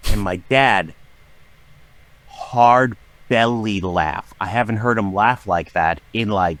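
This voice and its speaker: A man's voice: on the low side, slow pace, dry recording. A man in his forties, a writer and voice actor, telling personal stories in a podcast conversation and acting out the voices of people he quotes. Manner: animated storyteller who acts out quoted voices. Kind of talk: candid storytelling conversation.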